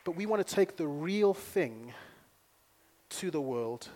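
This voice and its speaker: Male pastor, sermon delivery, lively storyteller, slightly high pitch, punches key lines loudly. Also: slow pace. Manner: energetic, storytelling, rising to loud emphasis. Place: church in Nairobi.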